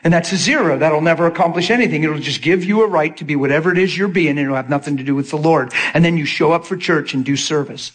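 A man's voice: fairly high pitch, quick pace, hardly any pauses. A middle-aged male pastor preaching in storytelling style, acting out the voices of people he quotes. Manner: animated, acts out quoted voices. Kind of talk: sermon storytelling.

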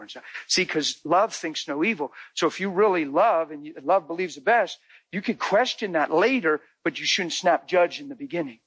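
A male pastor telling a story in his sermon, emotional and conversational, moving between hushed and loud delivery. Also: fairly high pitch, lively intonation, normal speed, breathy edge, dry recording, low-quality recording.

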